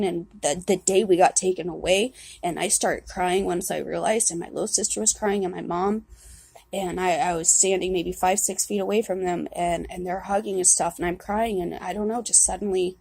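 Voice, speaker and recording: Young woman, husky and gravelly, halting candid confessional delivery, dry close mic. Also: on the low side, fairly even intonation, darkish tone, no echo. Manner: candid, halting, swears often, many restarts. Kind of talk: personal confessional vlog.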